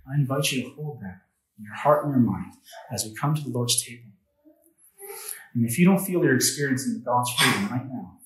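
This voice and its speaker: A man's voice: mid-range voice, fairly bright tone, reverberant, low-quality recording. A man preaching a sermon as pastor, in a conversational way that asks the congregation questions. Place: church.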